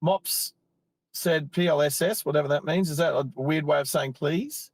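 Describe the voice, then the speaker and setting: A man's voice: on the high side, normal speed, dry recording. Chatty Australian man live-streaming from his car. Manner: chatty, rambling, self-interrupting. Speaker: live-stream driving host. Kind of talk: casual live-stream chat. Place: parked car on an outback roadside.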